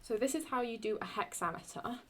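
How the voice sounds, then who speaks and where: A young woman explaining Latin verse in a casual, halting way, often stopping to correct herself as she writes. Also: a little high, a bit bright. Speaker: Latin teacher.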